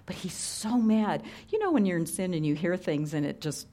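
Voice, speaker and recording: Brief: middle-aged woman pastor, lower voice, chatty and earnest, goes quiet for weight. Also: lively intonation, normal speed. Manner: conversational, earnest, drops to hushed tones for emphasis. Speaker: preacher. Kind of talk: sermon.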